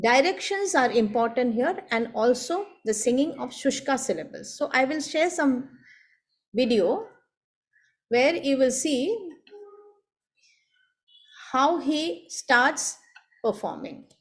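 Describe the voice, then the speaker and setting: A woman giving an online seminar talk, explaining a traditional performance step by step in a measured way. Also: high-pitched, animated. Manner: measured, explanatory, walks through steps one by one. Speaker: seminar speaker. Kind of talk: academic lecture on traditional performance. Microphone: video call.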